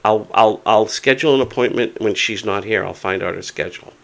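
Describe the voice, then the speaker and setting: A man's voice: on the low side, brisk, vocal fry. Hard-of-hearing man telling a story. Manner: animated retelling with acted quotes. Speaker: vlogger. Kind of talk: casual storytelling to camera.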